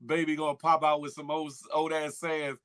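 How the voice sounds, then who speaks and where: A man's voice: a little high, completely flat delivery, moderate pace, fairly bright tone, clean tone. A man hosting a morning show, chatting casually and teasing viewers with slang and laughter. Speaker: morning show host reading viewer comments. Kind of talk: casual chat.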